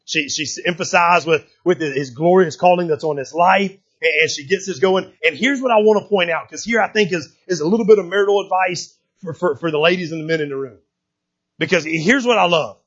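A pastor delivers a sermon in a high, talkative voice. He stumbles over repeated words and keeps asking the room whether they follow him. The recording is dull and lo-fi. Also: expressive, moderate pace, fairly bright tone, slightly rough.

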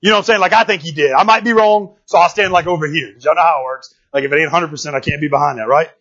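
A man preaching a sermon in an animated, conversational way, full of casual slang and quick rhetorical asides to the congregation. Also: on the high side, lo-fi sound.

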